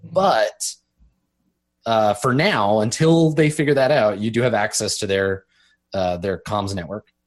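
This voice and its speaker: A man's voice: fairly low pitch, unhurried. Casual, rambling male game master. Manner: casual and rambling, many fillers and restarts. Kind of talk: narrating a tabletop role-playing game.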